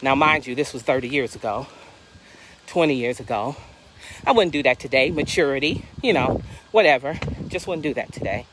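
A woman's voice: very deep voice, moderate pace, background noise. A woman in her fifties, a life coach, telling a personal story in a casual testimony style and acting out the dialogue in different voices. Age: 50s. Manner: animated, acts out dialogue in voices. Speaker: life coach and inspirational speaker.

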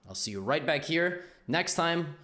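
A man's voice: on the high side, lively intonation, unhurried, bright, forceful tone. Laid-back male podcast host. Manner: laid-back, laughs often, casual slang. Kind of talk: casual podcast chat.

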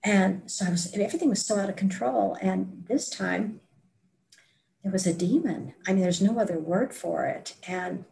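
A woman who is a podcast guest tells a personal story in a lively, self-mocking way, laughing now and then. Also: medium pitch, moderate pace, creaky, a little hiss or hum.

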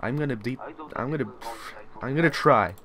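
A man's voice: mid-range voice, normal speed. Panicky young man playing a horror game. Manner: panicky, yelling and swearing in fright. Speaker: gamer. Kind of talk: let's play commentary.

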